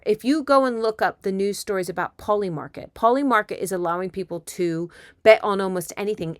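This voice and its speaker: A woman hosting a casual political commentary monologue, rambling and animated, with asides and impressions. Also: mid-range voice, dry recording, studio quality. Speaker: comedian and commentator.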